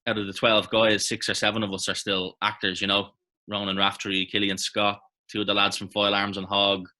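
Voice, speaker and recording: An Irish man in his thirties, an actor reminiscing in a relaxed, rambling interview with many fillers and restarts. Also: on the low side, brisk. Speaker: actor guest. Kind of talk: casual interview chat.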